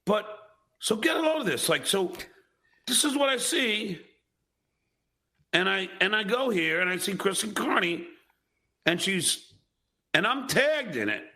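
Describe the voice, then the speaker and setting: A man's voice: high-pitched, big pitch swings, a little slow, pauses often, bright, forceful tone. A man reading tweets aloud on his show, aggrieved and defensive, boasting as he rants. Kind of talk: indignant ranting while reading social media.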